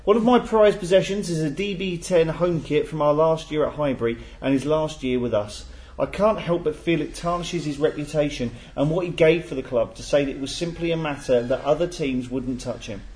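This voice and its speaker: A man's voice: a little high, brisk, a little mellow. A man hosting a casual football podcast panel, reading out listener emails with jokes and stumbles. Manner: jokey, stumbles and laughs while reading. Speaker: podcast host.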